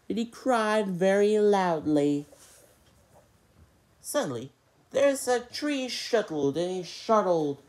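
A woman improvising a children's story with stuffed animals, hesitant, with fillers and slips, and a very lively pitch.

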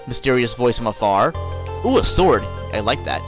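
A man's voice: mid-range voice, very animated, normal speed, over music. A man commenting on his gameplay, joking and sarcastic, talking back to the characters on screen. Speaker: let's play host.

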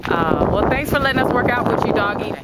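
A woman hosting a casual outdoor workout vlog, joking loudly with her friends on a hiking trail. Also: a little high, quick pace, heavy background noise. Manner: loud, joking, animated banter. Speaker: vlog host. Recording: music playing over the talk.

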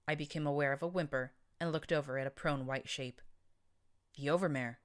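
A woman narrating first-person fan fiction as an audiobook, in an expressive, dramatic reading. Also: sits low.

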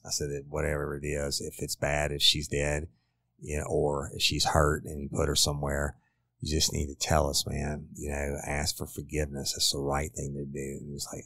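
Man, middle-aged, former detective telling a true crime story, blunt and profane, flat gravelly delivery. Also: extremely low pitch, normal speed, no echo. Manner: blunt, profane, casual retelling. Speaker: former detective, podcast host.

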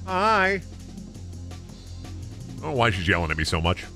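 A man's voice: low-pitched, expressive, rapid-fire, gravelly, sharp tone, faint music behind. A man streaming a video game, chatting casually with viewers and thanking subscribers, often repeating silly made-up phrases in a sing-song way.

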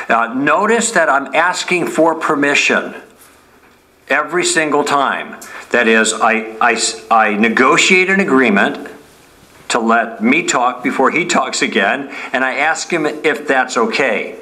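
A man's voice: medium pitch, animated, a little slow, pushed and bright, poor audio. A man teaching a lesson in a conversational way, often checking in with "okay?" and acting out friendly sample lines. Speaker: Bible teacher. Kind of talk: teaching talk.

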